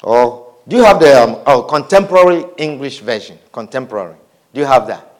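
A man's voice: mid-range voice, lively intonation, brisk. A man preaching a sermon, reading scripture aloud, repeating phrases and asking the congregation questions.

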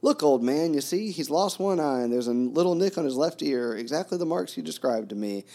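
A showy schoolboy bursting with pride, shouting in a high, ringing voice, as a man puts him on while reading aloud. His lines tumble out fast and loud, with a gravelly edge under the strain. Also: animated. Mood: excited. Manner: shouting, eager and breathless.

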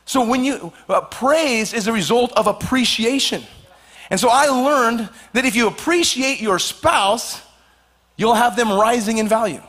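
A high-voiced man preaches to a church, animated and jokey. He acts out quick little scenes as he goes, easy and playful with the crowd. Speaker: pastor. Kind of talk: sermon.

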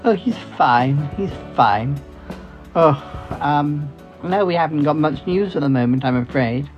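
A doting woman, put on by a man, who calls everyone darling and gushes over her friend in a comedy podcast sketch. The voice sits a little high and comes through dull and lo-fi, with faint music behind. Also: measured pace, close to an everyday voice. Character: gushing posh woman friend, affectionate.

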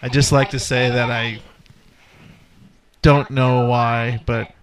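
A man's voice: medium pitch, level tone, takes it slowly. Sardonic profane male co-host. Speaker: podcast co-host. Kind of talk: crude casual podcast banter.

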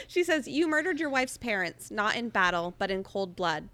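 Woman, bright tone, giggly, casual book recap, reads excerpts. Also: mid-range voice, expressive, a little fast, dry recording. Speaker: podcast host recapping a book. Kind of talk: casual chat, reading aloud.

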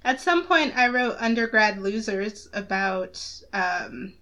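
A woman's voice: mid-range voice, animated, slow, pushed and bright. A woman co-hosting a podcast in casual chat, speaking hesitantly while she checks her notes. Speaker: podcast co-host.

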